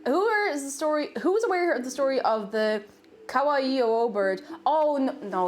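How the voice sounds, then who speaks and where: A woman's voice: high voice, expressive, moderate pace. A woman live-streaming from her home kitchen while baking, chatting playfully and humming and singing to herself. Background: music.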